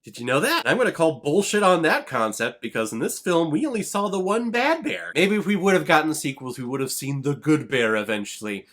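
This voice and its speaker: A man hosting a movie review channel, talking casually with sarcastic asides. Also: a little high. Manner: lively, quick conversational delivery. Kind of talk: casual film review commentary.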